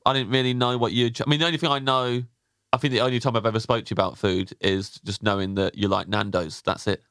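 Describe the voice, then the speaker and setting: A man co-hosts a podcast in relaxed, agreeable casual chat at a middle pitch. He sounds close and dry. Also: fast, clear, resonant tone, no room sound. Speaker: podcast co-host.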